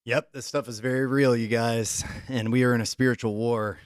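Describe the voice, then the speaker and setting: A man's voice: medium pitch, fairly even intonation, moderate pace, clean tone, no echo, studio quality. A man hosting a reaction video, speaking earnestly and straight to his viewers. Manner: earnest, addresses viewers directly. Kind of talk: reaction commentary.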